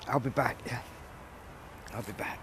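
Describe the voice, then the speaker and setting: An actor playing a young Englishman who talks haltingly and tearfully to a lost friend, sighing between phrases. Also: mid-range voice, slight background noise, lightly acted. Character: grieving young man talking to a dead friend.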